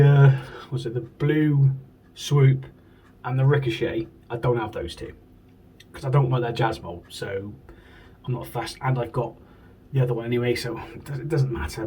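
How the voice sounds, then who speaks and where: A man's voice: mid-range voice, darkish tone, distant mic, slight background noise, poor audio. A man from the UK, chatting casually and enthusiastically as a toy collector and swearing now and then. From United Kingdom. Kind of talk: casual chat. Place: home room.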